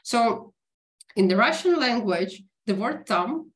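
A woman whose first language is Ukrainian, from Ukraine, giving an online lecture in a halting way with many fillers and self-corrections. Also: a little high, lively intonation. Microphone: video call.

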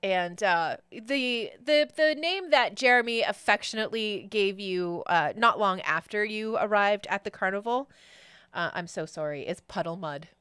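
A woman's voice: mid-range voice, lively intonation, normal speed, fairly bright tone, clean tone, dry recording. A woman narrating as game master, playful and giggly, with hesitant fillers.

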